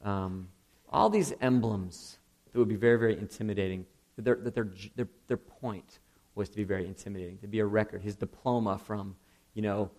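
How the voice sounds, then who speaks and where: A man preaching a sermon in a casual, conversational way. He keeps checking in with the audience with "okay?" and "right?" and sometimes jumps into high, emphatic bursts. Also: steady tone, fairly quick, darkish tone. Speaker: pastor.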